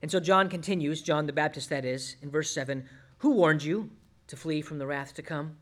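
Earnest high-voiced man preaching. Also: normal speed. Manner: earnest, swings from loud urgent appeals to hushed tones. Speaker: pastor. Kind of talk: sermon.

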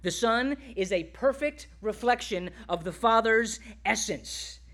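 A male pastor preaching a sermon, exhorting the congregation and dropping to quiet, tender asides. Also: high-pitched, animated, unhurried.

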